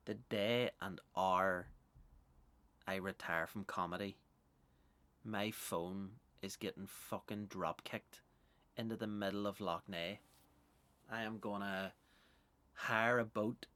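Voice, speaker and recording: Sweary Northern Irish comedian ranting. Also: male voice, fairly low pitch, fairly bright tone, no echo. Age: adult with young children. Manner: sweary, exasperated, rambling.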